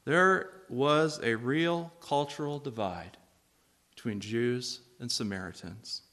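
A man preaching a sermon, reading scripture and asking the congregation questions in an animated way. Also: medium pitch, slow pace. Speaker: pastor.

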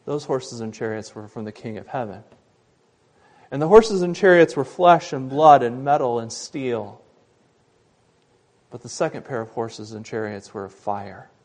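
A man preaching a sermon, retelling a Bible story, loud and emphatic in some passages and quiet and soft in others. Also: medium pitch, animated, a little slow. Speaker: pastor.

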